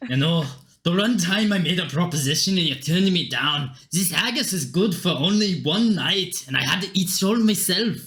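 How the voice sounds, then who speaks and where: A man improvising a story as a dragon, playful and lowering his voice in character. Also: animated, normal speed, fairly bright tone. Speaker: role-play partner playing a dragon.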